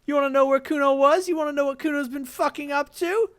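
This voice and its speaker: A woman's voice: high voice, fairly even intonation, fast, pitched above the performer's own voice, natural voice. A woman voicing a brash, foul-mouthed twelve-year-old boy in a video game who swaggers and talks about himself in the third person. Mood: defiant.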